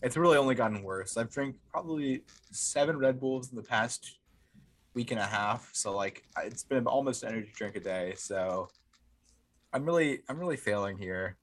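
A man's voice: medium pitch, moderate pace. Young man, podcast co-host, casual chat, rambling, stammering, self-mocking.

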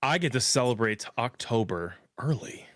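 A man's voice: medium pitch, expressive, normal speed, no room sound. A man co-hosting a podcast through a voice changer, teasing and joking in casual chat. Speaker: podcast co-host.

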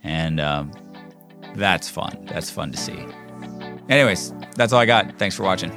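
A man's voice: sits low, lively intonation, unhurried, loud music behind the voice. Rambling man telling a casual story. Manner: rambling, many fillers and restarts. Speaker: podcast host. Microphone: recording himself solo.

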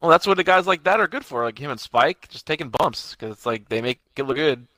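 A man's voice: a little high, lively intonation, a little fast, bright, forceful tone, dry recording. A young man in casual wrestling chat, telling stories with acted-out quotes and casual swearing. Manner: storytelling, profane, acts out quotes.

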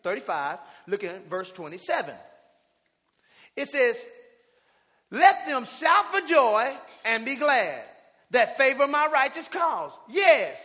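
A man preaching a sermon, calling out to his congregation and drawing out shouted phrases for emphasis. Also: extremely high pitch, very animated. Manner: preaching with call-and-response, drawn-out shouted emphasis. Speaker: pastor. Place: church sanctuary with congregation. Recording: reverberant church hall.

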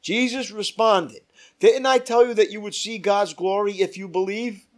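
High-pitched pastor guy teaching a bible study, reads scripture loud then goes quiet for asides. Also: steady tone, moderate pace. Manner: reads scripture aloud with emphatic rises, drops to quiet asides.

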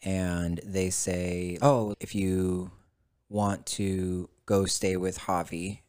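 A man's voice: sits low, level tone, drawn-out words, a little mellow, clear, resonant tone. A man guest in casual conversation, telling a story with plenty of swearing and acting out both sides of the dialogue. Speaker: podcast guest.

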